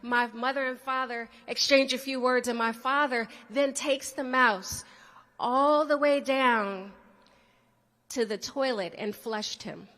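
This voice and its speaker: A woman's voice: a little high, fairly even intonation, unhurried, hardly any pauses, sharp tone, big-room sound. A woman telling a playful personal story to a student audience, often speaking to the crowd directly. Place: large hall.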